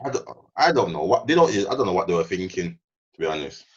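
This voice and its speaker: Young male co-host, deep-ish voice on a muffled mic, blunt jokey banter. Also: big pitch swings, quick pace, slightly rough. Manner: blunt, joking, slang-heavy. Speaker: podcast co-host. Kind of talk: casual chat. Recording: dull lo-fi sound.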